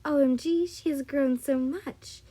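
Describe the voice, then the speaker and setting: A woman voicing an excitable, easily flustered female teacher in a read-aloud fan story. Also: medium pitch, measured pace, close to an everyday voice.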